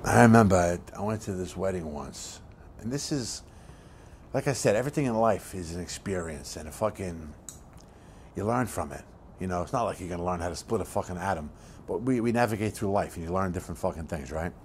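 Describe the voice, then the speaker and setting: A hulking, coldly scheming crook played by a man in a low-budget crime film, lecturing bluntly in a streetwise way and swearing in nearly every line. His voice sits very low and heavy. A faint hiss runs under the recording. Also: fairly quick, a little mellow. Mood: bitter.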